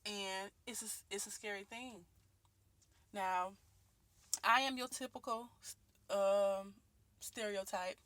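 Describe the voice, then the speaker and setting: Recorded dry, this late-twenties vlogger from Detroit, Michigan speaks slowly with frequent pauses, her mid-range voice a bit bright and fairly even in intonation. Filming herself on her phone at home and out in her neighborhood, she gives an earnest, candid personal monologue full of ums and restarts.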